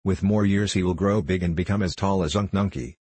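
A man's voice: low voice, fairly even intonation, a little fast, dark tone, breathy edge, no echo. A man reading the part of a stern old male magician in a storybook, lecturing and matter-of-fact.

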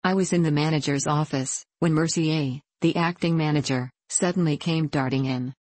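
A woman reading the memoir of a male opera manager in a formal, measured way. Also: deep voice, darkish tone, no echo. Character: male opera manager recalling events, formal and matter-of-fact.

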